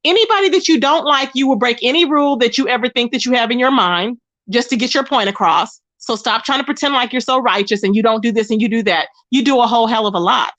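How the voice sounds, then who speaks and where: A woman hosting her own livestream, venting indignantly with a high, bright voice. She repeats her points and calls people out by name. She sounds tired as she goes on. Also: quick pace, hardly any pauses. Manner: indignant, repetitive, calling out by name. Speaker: livestream host. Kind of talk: ranting live stream commentary.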